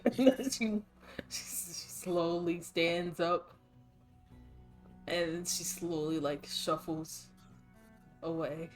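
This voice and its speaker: A woman's voice: fairly low pitch, steady tone, very slow, long pauses, faint music behind. A woman narrating a tabletop game as game master, playful and often laughing.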